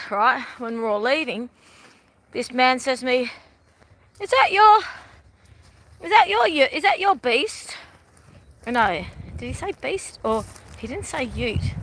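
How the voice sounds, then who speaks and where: A woman's voice: a little high, a bit bright, a little hiss or hum. A middle-aged Australian woman chatting casually on a live stream while she walks outdoors by a river, rambling and often laughing. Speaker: vlogger.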